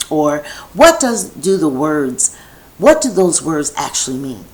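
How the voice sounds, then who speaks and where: Woman vlogger, low voice that swings widely, rambling home monologue. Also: very animated, takes it slowly, low-quality recording. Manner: meandering, restarts thoughts, chatty asides. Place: home video set.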